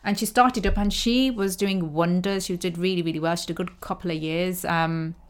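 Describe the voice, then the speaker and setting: A woman's voice: lowish voice, steady tone, a little fast. Chatty middle-aged woman. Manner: chatty, frequent agreeing "yeah"s and tag questions. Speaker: podcast co-host. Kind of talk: casual chat.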